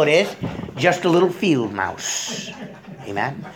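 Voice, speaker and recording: A woman's voice: deep voice, very animated, slow. A woman preaching an informal Bible teaching, rambling with many fillers and restarts.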